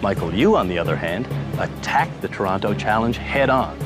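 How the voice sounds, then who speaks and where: Reassuring male host with a lowish voice. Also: very animated, moderate pace. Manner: firm but reassuring. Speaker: show host and driving instructor. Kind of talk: coaching and announcing. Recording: loud music behind.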